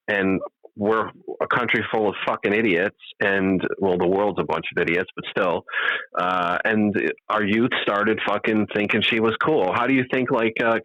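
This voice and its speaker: A man's voice: lowish voice, normal speed, a bit bright, no echo, dull audio. A man co-hosting a podcast in casual chat, ranting bluntly and swearing freely. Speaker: podcast co-host.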